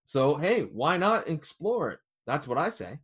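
A man hosting a casual podcast, chatting about wrestling news and jumping between loud and quiet remarks. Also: a little high, very animated, a little slow, slightly rough. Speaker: podcast host.

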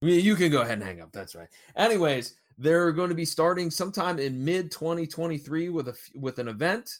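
A man hosting a casual podcast, chatting about wrestling news and jumping between loud and quiet remarks. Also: fairly high pitch, animated, fairly quick. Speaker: podcast host.

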